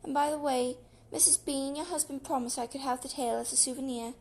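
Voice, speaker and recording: A woman voicing a big, slow, dim-witted cook who drawls, in a storybook reading. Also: high-pitched, steady tone, a little mellow. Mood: plodding.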